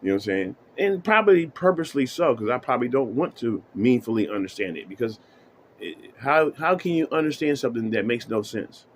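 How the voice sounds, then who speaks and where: Male vlogger, average pitch, ranting to camera: profane, emphatic, conversational, faint hiss behind. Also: sing-song, brisk. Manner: profane, emphatic, repeats "you know what I'm saying". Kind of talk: casual ranting monologue.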